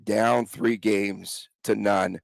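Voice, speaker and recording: Gravelly man hosting a sports podcast. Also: fairly low pitch, fairly even intonation, very slow, dry recording. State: has a cold. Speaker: podcast host. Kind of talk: casual sports podcast chat.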